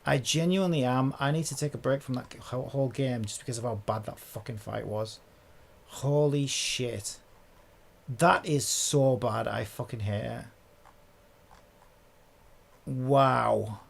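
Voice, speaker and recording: A man's voice: medium pitch, a little slow, gravelly, pauses often. A man streaming a game live, ranting furiously and swearing about a boss fight. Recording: game music playing behind.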